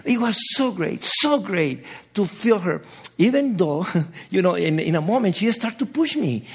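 A man's voice: high-pitched, big pitch swings, unhurried. A middle-aged man whose first language is Spanish, preaching a sermon with passion and repeating his phrases as he builds to exhortation. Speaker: pastor.

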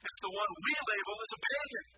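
A man preaching a sermon in an animated way, putting questions to the congregation. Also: sits high, fast talker, breathy edge, no echo, soft background music, poor audio. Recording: loud background noise.

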